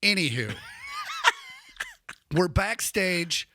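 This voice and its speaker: A man in his thirties, a comedian guest on a podcast, telling stories in a casual, animated way and acting out the people he quotes. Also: high voice, drawn-out words, husky, dry recording, clean studio sound. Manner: animated, acts out quoted voices.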